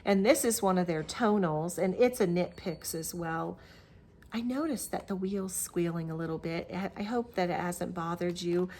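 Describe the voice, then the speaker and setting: A middle-aged Flosstube host with a fairly low, slightly mellow voice talks at normal speed through a casual show-and-tell crafting vlog. Chatty and rambling, she restarts sentences and fills gaps with "um", apparently on a camera mic in her home crafting room, with slight background noise.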